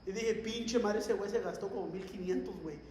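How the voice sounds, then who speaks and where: A man's voice: high voice, fast, slight background noise. A young man, telling stories on a casual podcast in a profane mix of English and slang. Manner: animated storyteller mixing English and Spanish slang, profane. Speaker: podcast co-host. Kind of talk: casual chat. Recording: echoey room, long reverb.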